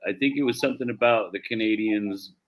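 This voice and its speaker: A man's voice: on the low side, fairly quick. A man from the United States co-hosting a casual sports talk show, loose and profane, calling everyone dude and bro. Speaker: co-host.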